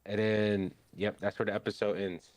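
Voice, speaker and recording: A young man co-hosting a casual podcast, retelling an anime episode with lively storytelling and quick bits of character voices. His voice sits a little low, and it is recorded close and dry with no room sound. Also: no room sound. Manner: animated storytelling, acting out characters' lines. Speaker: podcast co-host.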